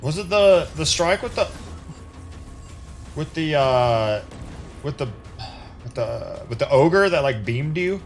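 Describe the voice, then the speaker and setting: A man streaming a video game live, chatting casually and talking to himself as he plays, with an occasional excited curse. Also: medium pitch, slow pace, pauses often, soft background music. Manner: casual, chatty, talks to himself while playing. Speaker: gaming streamer. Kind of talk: live gameplay commentary.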